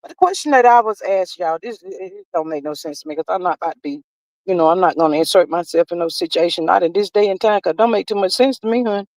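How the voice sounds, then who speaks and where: On a roughly recorded, dry-sounding livestream, the host reads viewer comments and chats casually, folksily addressing them as "honey" and "child." She talks fast in a lowish voice with a darkish tone.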